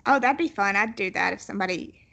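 A woman's voice: medium pitch, quick pace, gravelly, bright, forceful tone. A woman with a Southern US accent, co-hosting a podcast in easygoing, giggly casual chat. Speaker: podcast co-host.

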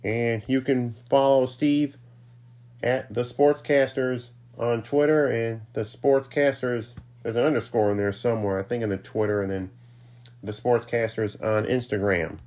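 A man signs off his own podcast with a long run of shout-outs. He rambles, trips over his words and pokes fun at himself, dropping casual asides along the way. His voice sits at an ordinary middle pitch. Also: fairly even intonation, a little slow. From New York's Capital Region. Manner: rambling, self-deprecating, offhand asides. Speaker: podcast host.

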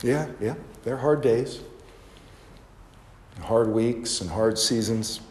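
A man's voice: mid-range voice, slow, a little mellow. A male pastor preaching an Easter sermon in a conversational storytelling manner, asking rhetorical questions. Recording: echoey hall with long reverb.

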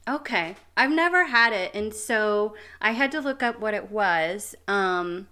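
Bright, chatty American woman. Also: medium pitch, expressive, a little slow, clean tone. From United States. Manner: chatty, giggly, lots of "like" and "um". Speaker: podcast co-host. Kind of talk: casual chat.

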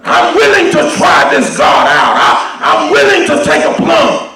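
Brief: devoted young widow, a male preacher doing her, high gravelly earnest shouts, echoey hall from far off. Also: huge pitch swings, measured pace, some chatter behind, full character voice. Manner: earnest, stammering vows.

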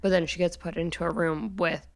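A woman's voice: lowish voice, fairly even intonation, brisk, creaky. A woman co-hosting a podcast, casually recapping a TV episode and quoting the characters as she goes. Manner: retells scenes with quoted voices, says "like" often. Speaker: podcast co-host.

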